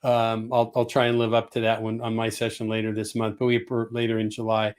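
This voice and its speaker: A man's voice: fairly low pitch, completely flat delivery, brisk, a little mellow, smooth. A man hosting a business webcast in a friendly, casual way, often repeating words. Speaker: host.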